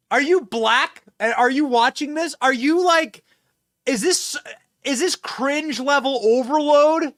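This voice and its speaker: Mocking man with a bright voice. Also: extremely high pitch. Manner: mocking, sarcastic, quick. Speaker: host. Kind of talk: political commentary.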